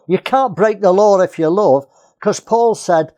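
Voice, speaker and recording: A man's voice: high voice, unhurried, warm tone. A man from England preaching a sermon, earnest, repeating key phrases and often restarting.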